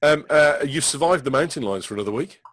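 A man's voice: fairly high pitch, expressive, quick pace, fairly bright tone, dry recording. A man hosting a casual tech chat over a video call, swearing freely and rambling with fillers. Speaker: podcast host.

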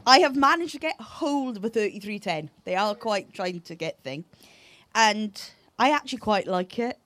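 A woman's voice: mid-range voice, animated, moderate pace, fairly bright tone. A woman giving a casual phone review, blunt and self-mocking, with laughter.

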